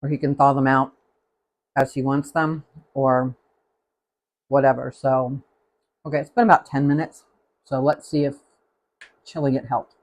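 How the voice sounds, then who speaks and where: A man's voice: mid-range voice, flat delivery, measured pace, long pauses. Chatty man hosting a cooking stream. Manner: chatty and rambling, tasting food as he talks. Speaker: cooking show host. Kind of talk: casual live-stream cooking chat.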